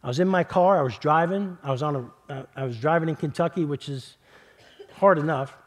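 Middle-aged male pastor from New York, slightly high voice, conversational sermon storytelling with repeats and quiet hushed stretches. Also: brisk. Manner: conversational, repeats words, builds then drops to a hush.

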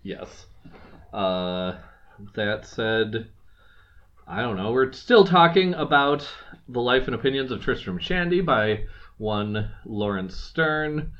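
A man's voice: medium pitch, very animated, takes it slowly, fairly bright tone, muffled recording. A man co-hosting a casual podcast, chatty and rambling, with many fillers and restarts. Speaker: podcast co-host. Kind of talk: casual chat.

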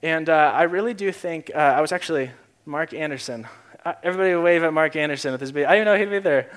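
A man's voice: fairly high pitch, fast, a bit bright. A young man giving a casual, earnest sermon, talking conversationally with frequent fillers and restarts. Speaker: preacher.

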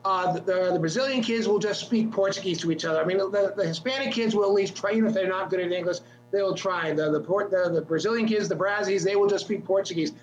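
Man, high voice, rambling comedic storyteller, roomy echo, faint hum. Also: fast, hardly any pauses, lo-fi sound. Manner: rambling storyteller with frequent restarts. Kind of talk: casual comedic chat. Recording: echoey room with faint hum.

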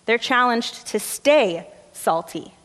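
A woman's voice: a little high, takes it slowly. A woman pastor preaching a sermon, telling stories in a conversational way with casual fillers. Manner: conversational storytelling, relaxed fillers. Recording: long hall reverb.

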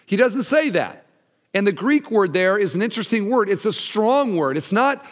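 Animated preaching man in a reverberant hall. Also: moderate pace. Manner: animated preaching, voice dropping low at phrase ends. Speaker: pastor. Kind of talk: sermon.

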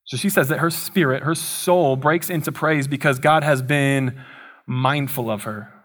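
A man's voice: mid-range voice, measured pace, fairly bright tone. A young man preaching a sermon in a casual, conversational way, with playful asides. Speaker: pastor.

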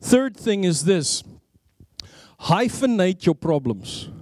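A man with an accent preaches a sermon as a travelling evangelist. He tells his story with bursts of energy and stumbles over himself as he goes. His voice sits high for a man, and the sound is dry and close. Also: slow pace, no room sound. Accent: non-native English accent. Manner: animated storytelling with many restarts.

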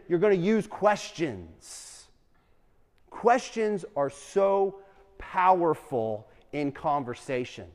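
A young adult man teaching a class, an animated storyteller who keeps asking the room questions. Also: high-pitched. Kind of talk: lively classroom talk with questions to students. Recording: long reverb in a hall.

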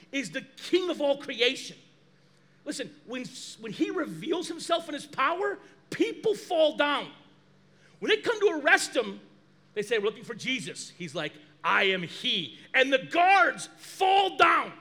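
High, bright-voiced preaching pastor. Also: male voice. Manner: animated preaching, acts out quoted dialogue. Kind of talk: sermon.

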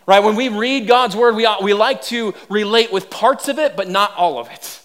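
Lively high-voiced male pastor. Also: moderate pace. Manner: humorous storytelling, animated and self-deprecating. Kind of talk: sermon.

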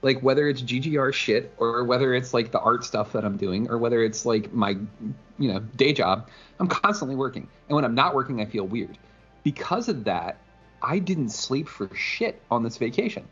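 A man with a husky, slightly raspy voice talks casually, leaning on fillers and curse words. The audio is dull and lo-fi, with faint music behind him. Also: mid-range voice, lively intonation, normal speed, a bit bright. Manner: laid-back, profane, filler-heavy. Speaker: podcast co-host. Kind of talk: casual chat.

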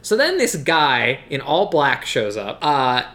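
A podcast host recapping a movie in casual chat, a chatty storyteller who acts out lines in quick voices. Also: medium pitch, very animated, fairly bright tone.

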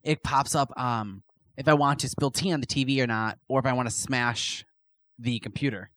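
A man chatting on a casual podcast at an ordinary pitch for a man. He rambles through his account and swears freely. The sound is dry and close-miked. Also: steady tone, moderate pace, fairly bright tone, no room sound. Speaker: podcast co-host. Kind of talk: casual chat.

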